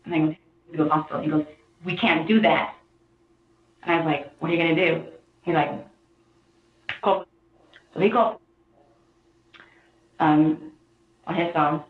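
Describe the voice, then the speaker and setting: A woman recounts events to an interviewer, rambling and acting out the quotes. Her voice sits a little low, and the archival recording is tinny and echoey. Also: steady tone, a little fast, long pauses. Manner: rambling retelling, acts out quotes.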